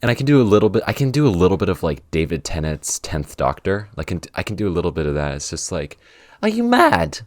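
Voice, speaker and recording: A man's voice: low voice, fast talker, hardly any pauses, a little mellow, no room sound, studio quality. A young man hosting a podcast, chatting casually with many fillers and restarts while trying out accent impressions. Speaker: podcast host.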